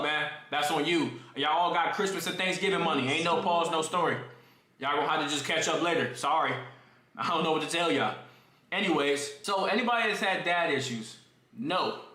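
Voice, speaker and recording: A man's voice: a little high, sharp tone, reverberant. A young man streaming, casually telling a story to his chat in slang and talking straight to his viewers. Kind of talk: animated storytelling to a live chat.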